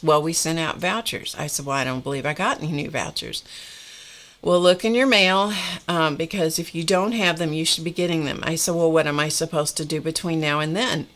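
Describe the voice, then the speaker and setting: A middle-aged woman hosting a live stream, telling a story in a wry, exasperated way with frequent laughs. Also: low-pitched. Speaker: host of a live art stream. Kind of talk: casual storytelling chat.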